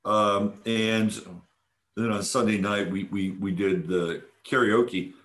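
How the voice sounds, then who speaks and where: A man's voice: fairly low pitch, steady tone, slow pace, fairly bright tone. A man hosting a podcast, chatting enthusiastically about a weekend event in a casual monologue full of fillers and restarts. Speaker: podcast host.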